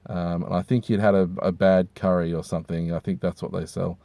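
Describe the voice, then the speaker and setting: A hungover man, rambling crudely and with deadpan humor while reviewing hats from inside a car. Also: low voice, fairly quick, gravelly, dry recording. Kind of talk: casual rambling monologue.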